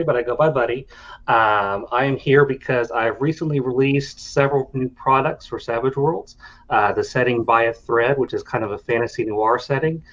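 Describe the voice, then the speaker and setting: A man's voice: mid-range voice, a bit bright, highs cut off. A man guest on a video call, explaining his game setting in a plain, explanatory way.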